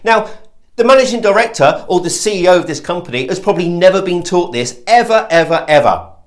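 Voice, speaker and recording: A man's voice: sits high, lively intonation, a little fast. Emphatic man teaching sales calls. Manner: emphatic, demonstrates voice tones. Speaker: sales trainer. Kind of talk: instructional talk to camera.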